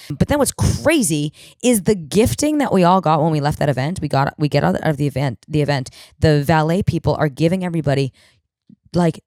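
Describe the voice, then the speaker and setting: A woman in her thirties with a low, dusky voice tells a comedic story on her podcast. She is animated and self-mocking, drops swear words freely, and keeps shifting into quoted voices. The sound is close and dry, with no room around it. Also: no echo. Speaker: podcast host.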